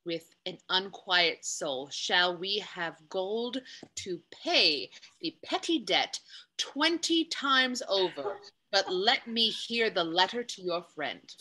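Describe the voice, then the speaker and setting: A generous, resolute young noblewoman, read by a woman in an unrehearsed online play reading. The voice is bright and forward, with lively rises and falls. She reads slowly. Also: medium pitch, heavily acted. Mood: urgent.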